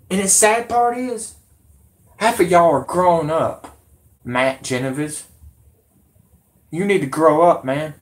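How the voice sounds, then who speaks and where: A man hosting a vlog, ranting in a rambling, indignant way and swearing. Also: fairly high pitch. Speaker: vlog host.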